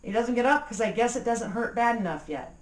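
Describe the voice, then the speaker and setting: A woman's voice: on the high side, lively intonation, brisk, natural voice. A woman voicing a laid-back old man on a porch, speaking in a plain, matter-of-fact way. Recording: echoey room.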